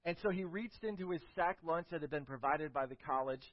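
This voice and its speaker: A man preaching a sermon, telling a story with emphatic build-ups and closing in a quiet prayer, on a dull lo-fi recording. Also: on the high side, brisk, dry recording. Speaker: pastor.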